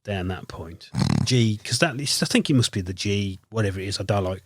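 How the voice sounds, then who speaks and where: Fairly low, husky and brisk, the voice belongs to a Birmingham man with a Brummie accent, guesting on a podcast. He tells a casual story with animation, performing other people's lines, and there's no room sound in the studio recording.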